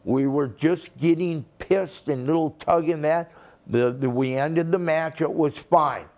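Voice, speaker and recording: Older man, unhurried drawl, rambling, salty storyteller, acts out the voices. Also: fairly high pitch, a little mellow, lo-fi sound. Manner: slow, rambling storytelling with profanity and acted-out quotes. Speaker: retired wrestler, interview guest. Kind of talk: storytelling shoot interview.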